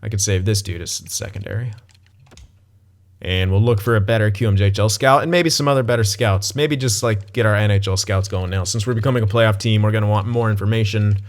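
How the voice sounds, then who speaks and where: A young man casually commenting on his gameplay as he plays, thinking aloud, swearing and blurting sudden excited outbursts. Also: fairly low pitch, fairly quick. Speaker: gaming channel host.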